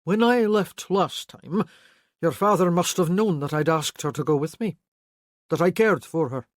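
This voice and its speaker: A narrator voicing a remorseful older Highland man who pleads earnestly in a historical romance audiobook. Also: normal speed, dry recording, clean studio sound, natural voice. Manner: earnest, pleading, guilt-ridden. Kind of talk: audiobook character voice.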